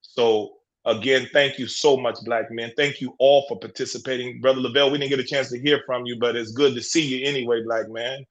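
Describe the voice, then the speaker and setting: A man's voice: mid-range voice, fairly even intonation, brisk, hardly any pauses, low-quality recording. A man hosting a casual group call, encouraging and full of affirmations. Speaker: host. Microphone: online call.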